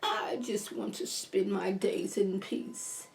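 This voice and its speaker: A cutting, icy old grandmother, as a woman puts her on, drawling slowly in a breathy half-whisper that sounds set back from the mic. Her pitch rides a little above the woman's own voice. Every word lands like a quiet threat. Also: flat delivery, far from the mic. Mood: weary menacing. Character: shady, menacing evil old grandmother.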